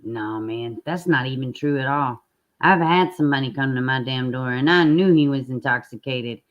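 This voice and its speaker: Low-voiced blunt woman streamer. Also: moderate pace, highs cut off. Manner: chatty, blunt, swears, talks straight to viewers. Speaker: true-crime live-stream host. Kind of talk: casual live-stream commentary.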